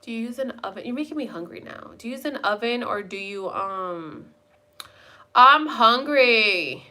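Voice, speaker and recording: A woman's voice: mid-range voice, a little fast, fairly bright tone. A young woman live-streaming at home, chatting with viewers in a rambling, casual way and swearing now and then. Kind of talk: casual chat.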